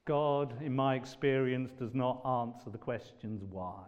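A man preaching a sermon, moving from loud, ringing declarations to hushed, almost whispered lines. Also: medium pitch, steady tone. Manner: slow and dramatic, swings from loud declaiming to hushed near-whispers. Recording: dull audio with long hall reverb.

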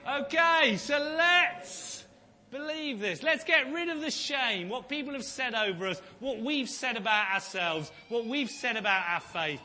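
A man delivers a sermon from the pulpit in a bright, clear voice. He speaks slowly and with weight, dropping to near-whispers, then rising to ringing shouts. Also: sits high. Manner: preaching with dramatic swings from hushed to shouted; slow, emphatic delivery. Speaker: pastor.

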